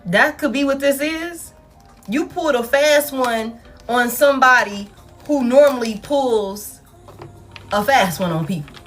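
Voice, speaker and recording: A woman with a high-pitched voice, talking a little slowly, gives her viewers a tarot reading backed by soft music. She's blunt and casual, curses, and calls everyone "y'all."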